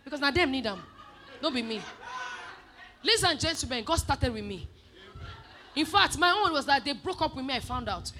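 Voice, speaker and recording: A woman preaching a sermon, animated, moving from soft asides to shouted emphasis. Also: high-pitched, normal speed, long pauses, crowd noise, background noise.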